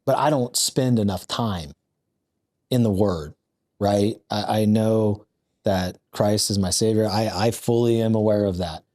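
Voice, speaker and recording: Low-voiced podcast host, dry sound. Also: male voice, unhurried, mellow, no echo. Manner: supportive, with frequent short agreements. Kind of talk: casual interview chat.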